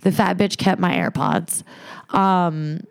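A woman telling a wild personal story on a podcast, profane and animated, acting out the other people in it. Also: on the low side, slow pace, creaky, smooth. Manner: animated, profane, acts out quoted voices. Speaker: podcast guest. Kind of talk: casual storytelling chat.

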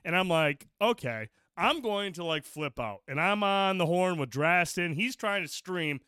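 A man's voice: high voice, lively intonation, a little slow, sharp tone, clear, resonant tone, dry recording, clean studio sound. A man co-hosting a podcast, chatting casually and telling rambling, profane stories. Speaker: podcast co-host. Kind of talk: casual chat.

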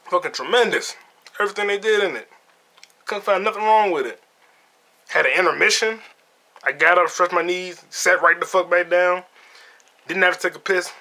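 Bright-voiced man swearing through a movie recap. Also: sits high, normal speed, long pauses. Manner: profane, laughing storyteller who retells scenes. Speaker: podcast host. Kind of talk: casual solo movie review.

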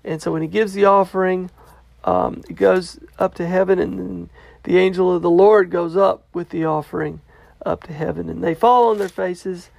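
Gravelly, casual Bible study teacher. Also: medium pitch, steady tone, normal speed, darkish tone, no room sound. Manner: loose and conversational, checks in with "okay?"; paraphrases a commentator and passages in plain words.

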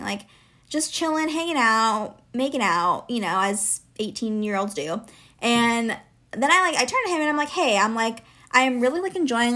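Woman, twenties, casual storytelling, filler-heavy chat, slightly high pitch. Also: a bit bright. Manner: chatty, heavy use of filler "like". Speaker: podcast co-host.

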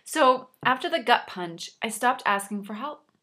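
A woman's voice: a little high, lively intonation, unhurried, pushed and bright. A woman coach sharing a personal story in an earnest, reflective way, with a slight frog in her throat. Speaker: life coach.

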